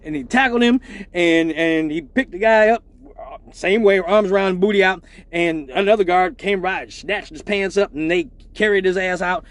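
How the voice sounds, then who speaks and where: A man's voice: high voice, normal speed. A man who hosts a weekly live show, telling a story in a loose, profane, laughing way with lots of repeats. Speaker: exotic dancer hosting a weekly live show. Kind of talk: casual storytelling on a livestream.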